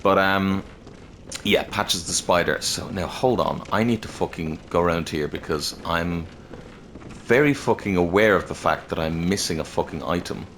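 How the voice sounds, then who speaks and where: A man with a low, deep voice talks through a game as he plays it, loose and rambling. He swears constantly and keeps the tone off-the-cuff, like a casual let's-play commentary. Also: moderate pace, fairly bright tone, a little hiss or hum. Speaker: gaming channel host.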